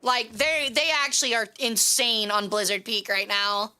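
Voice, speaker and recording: A woman's voice: on the high side, moderate pace, pushed and bright, smooth. A woman streaming a strategy game, talking casually and rambling, with frequent swearing. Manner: chatty, profane, rambling. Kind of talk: casual gaming livestream commentary.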